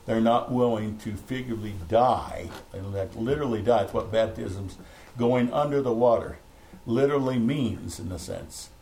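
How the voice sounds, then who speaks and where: A middle-aged pastor with a fairly low, creaky, slightly mellow voice preaches a fervent, rambling sermon to a small home church, breaking into laughs. The home meeting room recording is rough, with a bit of hiss or hum.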